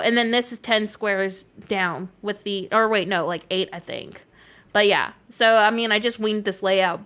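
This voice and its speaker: A woman from Canada talks casually on a live stream with a slightly high voice, her Canadian accent blending with a Southern American twang. She answers her chat in a chatty, easygoing flow, full of "like" fillers. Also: a bit bright. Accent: Canadian mixed with American Southern. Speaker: game streamer.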